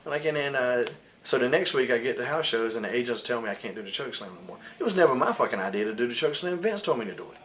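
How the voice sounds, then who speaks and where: A man's voice: medium pitch, expressive, fast talker, a bit bright, a little hiss or hum. A man in his forties telling candid stories in an interview, blunt and heated, swearing often. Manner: blunt, heated, profane, quotes others in put-on voices. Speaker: wrestler interviewed as guest.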